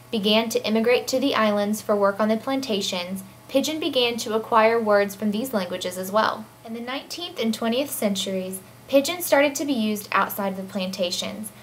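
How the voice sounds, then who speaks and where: Young woman reading her class presentation, upbeat and earnest, even mid voice, faint hum behind. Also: medium pitch. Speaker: student presenter. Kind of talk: scripted narration.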